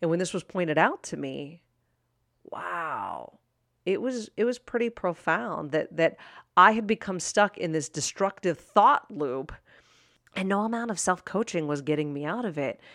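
A woman coach in her thirties, talking straight to her listeners in a chatty, candid way with playful asides. Her voice sits a bit low. The sound is dry and close, with no room around it. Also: expressive, unhurried, fairly bright tone, no echo. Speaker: life coach. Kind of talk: solo podcast talk.

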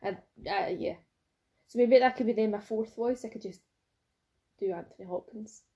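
A Scottish woman co-hosting a podcast, chatty and teasing with her co-host. Her voice sits a little on the high side, and her talk is easy and casual. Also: steady tone, dark tone, dull audio. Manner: chatty, teasing, quick to laugh along. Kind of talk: casual chat.

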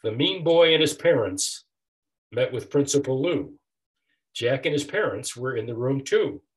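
An older man, an author reading his own rhyming picture book aloud with a steady rhythmic delivery. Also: medium pitch, measured pace. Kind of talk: storybook read-aloud.

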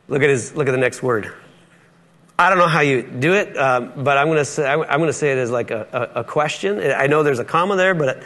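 A man's voice: fairly high pitch, normal speed, pauses often, a bit bright. A male pastor preaching a sermon in a church, playful and acting out Bible dialogue in different voices.

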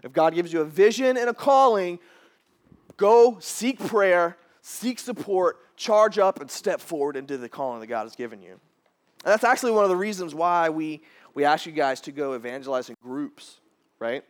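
A man in his thirties preaching a casual, animated sermon, jumping to loud high bursts when he acts out quotes. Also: normal speed. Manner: casual, repeats words as he restarts. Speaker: pastor.

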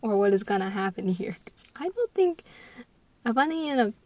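A woman's voice: mid-range voice, big pitch swings, moderate pace, darkish tone, no echo. A young American woman in her teens, rambling casually and scatterbrained, trailing off, restarting and giggling between thoughts. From United States. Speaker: vlogger.

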